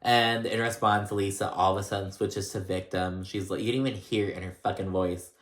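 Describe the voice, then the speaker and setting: A man's voice: low-pitched, steady tone, fairly quick, a bit bright. A man casually recapping a reality show, gossipy and blunt, with lots of "like" and swearing. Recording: echoey room.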